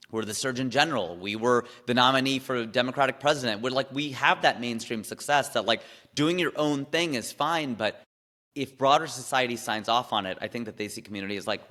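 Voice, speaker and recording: Bright-voiced man in easy, lively chat. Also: mid-range voice, in a large hall. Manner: animated storyteller, quick asides. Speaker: comedian being interviewed. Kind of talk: casual interview chat.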